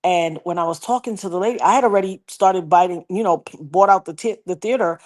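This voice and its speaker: A woman livestreaming, casually telling a personal story and reading viewer comments in an animated, folksy way. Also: lowish voice, a little fast. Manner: animated, folksy, slips into quoted voices.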